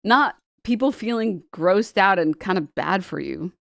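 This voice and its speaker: A woman's voice: medium pitch, animated, unhurried, creaky, a bit bright, no room sound, studio quality. A woman streamer chatting casually, reading posts aloud and swearing a lot as she laughs.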